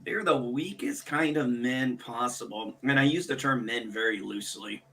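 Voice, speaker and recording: A man's voice: mid-range voice, moderate pace, a bit bright. A man hosting a casual stream, ranting sarcastically and swearing freely. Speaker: streamer host.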